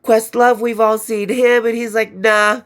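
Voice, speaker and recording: A woman's voice: fairly high pitch, flat delivery, normal speed. A woman hosting a podcast, chatting casually and enthusiastically about a film sequel, rambling and swearing now and then, a bit stuffy from allergies. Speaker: podcast host. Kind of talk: casual film review chat.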